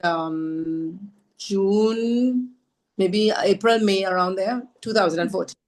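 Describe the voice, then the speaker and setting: A woman from Trinidad, a podcast guest telling her story in an animated, self-mocking way. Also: mid-range voice, slow pace. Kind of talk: storytelling conversation.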